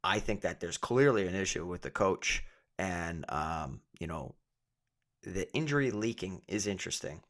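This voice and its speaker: Deep-voiced man in casual betting talk. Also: moderate pace. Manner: relaxed, thinks aloud with many asides. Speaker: MMA fighter and co-host. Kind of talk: casual sports betting chat.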